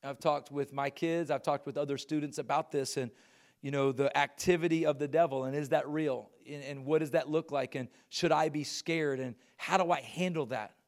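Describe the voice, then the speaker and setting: A middle-aged man preaches from the pulpit, reading scripture aloud and pushing his voice up on the key lines. His voice sits a little higher than most men's, and he leans on each point with emphasis. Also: fairly even intonation, moderate pace. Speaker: pastor. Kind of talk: sermon.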